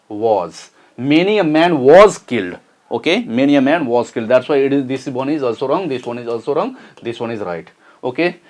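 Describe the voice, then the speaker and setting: A man with a fairly high voice gives an exam-prep grammar lesson. He explains each point step by step, repeating phrases and asking "okay?" to check in. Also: darkish tone. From Nepal. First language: Nepali. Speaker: English teacher.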